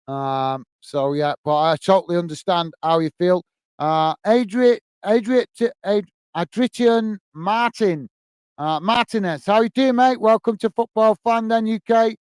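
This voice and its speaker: Hosting a football stream, the man chats casually, reads viewer comments and keeps calling people "mate," restarting often and using many fillers. His high voice is clear and resonant, a little slow and a little mellow, with no echo.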